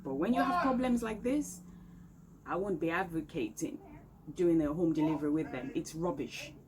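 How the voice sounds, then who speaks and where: A woman complains to camera from inside her home, emphatic and clearly exasperated. She has a low-pitched voice with lively intonation and speaks at a normal speed, with faint outdoor street noise behind her.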